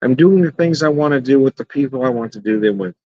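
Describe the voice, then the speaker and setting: Animated and fast-talking, a middle-aged man with a medium-pitched voice reviews beer in a rambling outdoor evening vlog. He's blunt and profane and chuckles frequently, and the recording is dull, slightly lo-fi, and dry, without echo.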